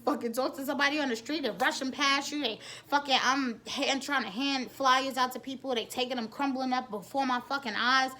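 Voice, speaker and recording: A woman in a fairly high voice. She tells her story bluntly, cursing often and restarting her sentences as she goes. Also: steady tone, fairly quick, few pauses, pushed and bright. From the Bronx, New York. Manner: blunt and frank, with frequent cursing and rambling restarts. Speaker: nail technician. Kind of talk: candid personal storytelling.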